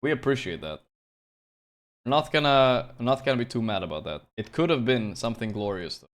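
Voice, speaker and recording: A man co-streaming a live match, reacting in casual, excitable talk and swearing often. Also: medium pitch, brisk.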